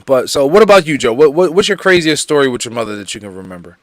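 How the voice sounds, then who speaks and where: A man co-hosting a podcast, talking in a lively, slangy, repetitive way and reading listener comments. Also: mid-range voice, fast, no echo, studio quality. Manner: animated, repeats himself, slangy. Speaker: podcast co-host. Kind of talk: casual podcast chat.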